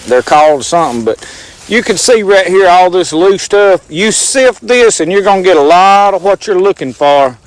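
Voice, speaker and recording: A man's voice: high voice, expressive, normal speed. Folksy man outdoors in the woods. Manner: folksy, rambling, talks to the viewer as "y'all". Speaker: outdoor vlogger. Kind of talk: casual outdoor demonstration. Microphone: handheld camera mic.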